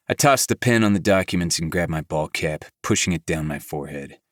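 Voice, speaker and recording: A man narrating a novel in first person with a flat, gruff delivery. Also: sits low, moderate pace, hardly any pauses, no room sound, clean studio sound. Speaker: audiobook narrator. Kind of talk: scripted narration.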